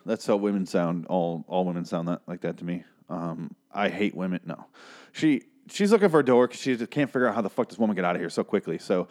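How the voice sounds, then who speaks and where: Man, low voice, casual recap, rambling, profane, jokey. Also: brisk, a little mellow.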